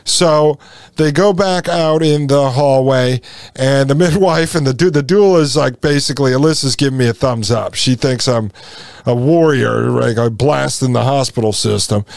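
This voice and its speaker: Gravelly, animated male podcast host. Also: medium pitch, normal speed, dry recording, studio quality. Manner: animated, blunt, indignant storytelling with casual asides. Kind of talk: personal storytelling monologue.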